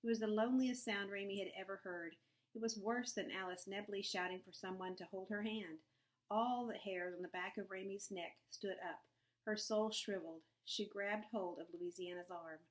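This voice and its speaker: A woman's voice: mid-range voice, fairly even intonation, normal speed, low-quality recording. Woman narrating a storybook. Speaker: audiobook narrator. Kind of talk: scripted narration.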